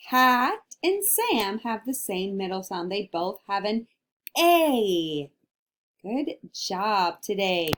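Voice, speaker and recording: Slow, encouraging woman teaching phonics. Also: mid-range voice, sing-song, fairly bright tone. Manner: slow, drawn-out sounding of letter sounds; encouraging, questioning tone. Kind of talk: phonics lesson for young children.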